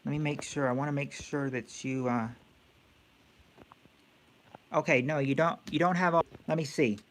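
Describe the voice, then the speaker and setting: A man with a fairly high voice runs a casual quiz game on a live stream. He talks in a halting way, thinking aloud with plenty of fillers and restarts. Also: steady tone, a bit bright, a little hiss or hum.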